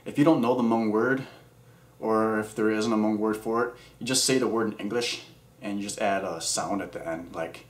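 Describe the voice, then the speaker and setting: A man's voice: fairly low pitch, fairly even intonation, normal speed. A man rambling jokily in a casual vlog, playful and offhand, recorded indoors at home. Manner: jokey, playful, puts on silly quoted voices. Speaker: vlogger. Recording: echoey room with faint background hum.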